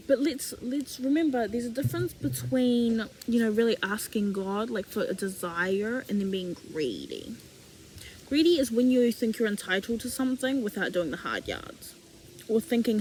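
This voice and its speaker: A young woman giving a casual faith talk as a vlogger, animated and slangy, acting out imagined dialogue. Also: fairly high pitch, fairly quick, a little hiss or hum, low-quality recording.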